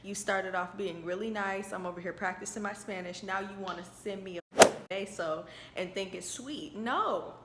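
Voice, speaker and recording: A woman vlogging from her apartment, telling a lively story to her viewers and calling them y'all, close to the camera. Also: medium pitch, normal speed, roomy sound, heavy background noise. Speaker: lifestyle vlogger. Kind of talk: chatty story-time vlog. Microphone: camera held close to face.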